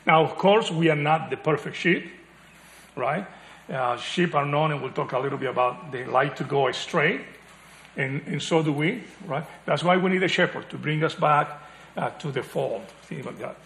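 Animated male preacher in an echoey room. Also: a little high, normal speed, gravelly. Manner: animated, acts out quoted voices, chuckles, drops to a hush. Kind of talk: sermon.

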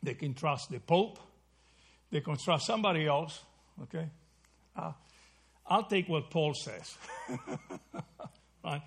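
Husky-voiced man teaching scripture. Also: fairly high pitch, lively intonation, takes it slowly, long pauses. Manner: conversational, checks in with "okay?" and "right?"; self-correcting, restarts mid-phrase. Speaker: Bible teacher. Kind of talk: sermon Bible study.

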